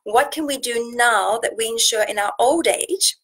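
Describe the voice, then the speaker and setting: Over a rough recording, this woman's voice sits on the high side, with a fairly bright tone and a breathy edge at a moderate pace. She's a nutrition coach from South Africa hosting a relaxed live session. Chatty and earnest, she keeps using fillers and restarting while reading viewer comments aloud.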